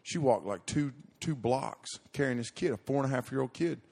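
A man's voice: medium pitch, expressive, normal speed, gravelly, darkish tone. A middle-aged man preaching to young people, telling a story in a folksy, rambling way with many restarts and fillers.

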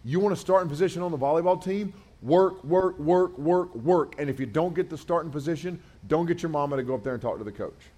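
A man's voice: on the high side, rapid-fire, hardly any pauses. A middle-aged man, a camp speaker giving a youth sermon and telling stories with acted-out voices. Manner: animated storytelling, acts out voices.

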